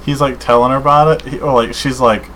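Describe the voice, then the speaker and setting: A man co-hosting a podcast in casual chat, rambling and excited, saying dude and man a lot. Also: medium pitch, fast talker, a little hiss or hum, poor audio. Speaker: podcast co-host.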